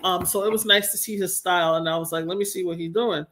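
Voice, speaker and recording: A woman's voice: lowish voice, fairly even intonation, quick pace, a bit bright, slight background noise. A young woman hosting a casual live-stream commentary show, chatty and exasperated, with slangy asides to her viewers.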